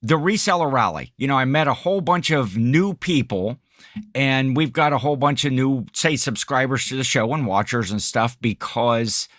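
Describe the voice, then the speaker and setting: Middle-aged male podcast co-host, casual and rambling, quick to laugh, even mid-pitch voice. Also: no room sound, clean studio sound. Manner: rambling, laughs often, self-correcting. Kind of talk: casual chat.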